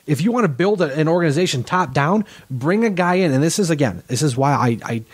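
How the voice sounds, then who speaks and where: A man co-hosts a sports podcast. He talks in long, rambling runs. He keeps restarting and correcting himself as he goes. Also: a little high. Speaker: podcast co-host. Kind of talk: casual sports talk.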